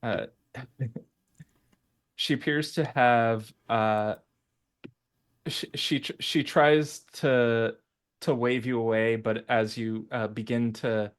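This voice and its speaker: A man running a tabletop game as game master, narrating haltingly with many fillers and restarts. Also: medium pitch, steady tone, clear, resonant tone.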